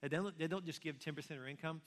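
A man's voice: fairly high pitch, very fast. A man preaching a sermon as pastor, conversational and full of rhetorical questions. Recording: long reverb of a large hall.

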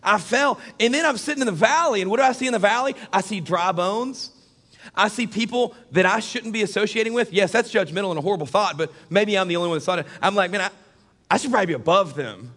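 A middle-aged man delivering a sermon in a conversational way, moving from hushed personal storytelling to loud, emphatic preaching. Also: sits high, fast. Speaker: pastor.

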